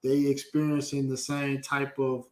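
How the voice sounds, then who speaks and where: A man from the United States hosting a podcast, asking easygoing, halting questions in a casual interview. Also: medium pitch, completely flat delivery, darkish tone. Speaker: podcast host.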